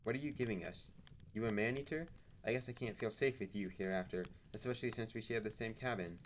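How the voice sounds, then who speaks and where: A prim, loyal manservant from a storybook, voiced by a man. He banters in a fussy, complacent tone, pitched a little high over a faint hiss. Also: fast talker, lightly acted. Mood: mock alarm.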